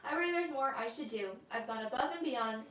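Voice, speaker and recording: A woman co-hosting a live session, briskly reading viewers' questions aloud. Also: fairly high pitch, fairly bright tone, echoey room, far from the mic. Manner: brisk, reads questions quickly.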